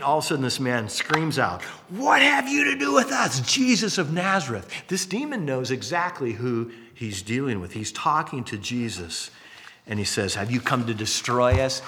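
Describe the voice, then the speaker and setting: A pastor preaching a sermon, telling the story casually and acting out quotes and jokes along the way. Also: male voice, mid-range voice. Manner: lively storytelling with acted-out quotes and asides.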